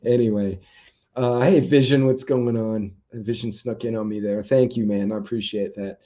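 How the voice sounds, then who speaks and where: A man's voice: fairly low pitch, steady tone, normal speed, mellow. A man hosting a casual live stream, chatting loosely with viewers and reading their comments, rambling with lots of ums. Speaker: livestream host. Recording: dull lo-fi stream audio.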